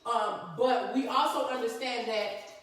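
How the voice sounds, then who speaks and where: A woman's voice: fairly high pitch, steady tone, a little slow, fairly bright tone, very echoey, far from the mic, rough recording. A woman co-hosting a live talk stream, chatting casually and laughing often as she acts out friends' voices. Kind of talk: casual chat to a live audience.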